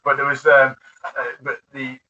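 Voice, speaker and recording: A man's voice: medium pitch, monotone, moderate pace, pushed and bright, slight background noise. A man being interviewed about his bartending years, chatty and laughing often, with many restarts. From United Kingdom. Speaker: interview guest, former bartender. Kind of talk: casual interview. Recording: distant, dull lo-fi audio.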